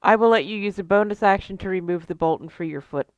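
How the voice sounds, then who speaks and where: A woman narrating a tabletop game as game master, in a lively, joking manner with frequent fillers. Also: medium pitch, quick pace, no echo.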